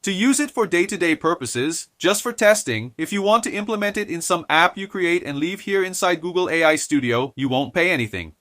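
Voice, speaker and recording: A man from Brazil hosting a software tutorial, explaining each step and talking straight to his viewers. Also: sits high, lively intonation, a little fast, few pauses, no room sound, studio quality. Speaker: tech tutorial host. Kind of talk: screen-recorded software tutorial.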